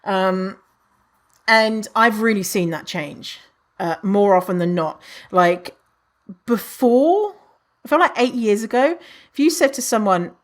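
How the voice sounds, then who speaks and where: A woman hosting a solo podcast, chatty and animated, who swears freely and acts out what people say in a higher voice. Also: unhurried. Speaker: podcast host. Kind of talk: casual solo podcast monologue.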